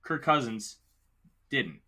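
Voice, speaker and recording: A man's voice: mid-range voice, big pitch swings, slow, bright, forceful tone. A man hosting a casual sports talk show, giving emphatic, opinionated takes with the hiccups. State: has the hiccups. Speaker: podcast host.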